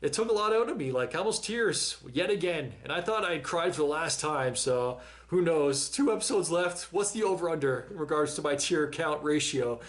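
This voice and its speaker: Male reaction host, slightly high voice, loose talky delivery, restarts his phrases a lot. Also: lively intonation, normal speed, hardly any pauses. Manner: chatty, repeats and restarts words. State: out of breath. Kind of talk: casual reaction commentary.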